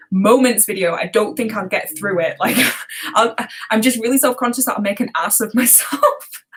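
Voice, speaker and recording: A British woman hosting a casual chat with her viewers, chatty and quick to laugh at herself. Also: mid-range voice, rough recording. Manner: chatty, laughs often, self-deprecating. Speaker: reaction channel host.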